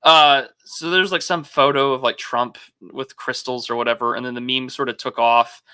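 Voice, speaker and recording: A man's voice: medium pitch, steady tone, normal speed, bright, forceful tone, clear, resonant tone. A man hosting a casual political podcast, musing aloud with rhetorical questions. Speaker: podcast host.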